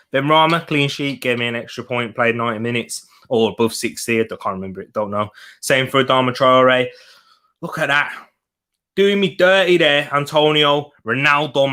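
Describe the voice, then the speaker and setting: A man's voice: mid-range voice, sharp tone. A young man hosting a casual football watch-along, chatting to viewers while eating and laughing often. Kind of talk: casual live-stream chat reading comments.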